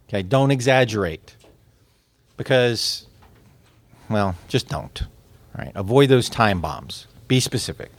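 A man teaching a class on communication. He talks in a lively way, laughs often, quizzes his listeners and repeats words as he restarts. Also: lowish voice, moderate pace, no echo. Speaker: instructor.

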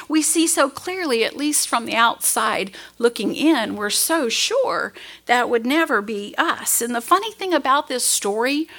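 A woman's voice: on the high side, pushed and bright. A middle-aged woman preaching a sermon in an earnest storytelling way, acting out the voices she quotes.

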